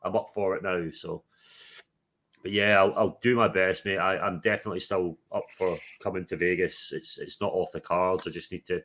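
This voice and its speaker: Chatty lower-voiced British man livestreaming. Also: fairly even intonation, moderate pace, a bit bright. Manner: chatty, laughing, reads out chat comments. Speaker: livestream host. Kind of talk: casual livestream chat.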